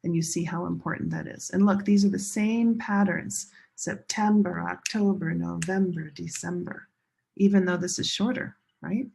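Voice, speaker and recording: A woman teaching English pronunciation in a classroom lesson, slowly modeling each word and stressing syllables with care. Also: on the low side, steady tone, mellow. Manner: slow, deliberate modeling of words with clear stress.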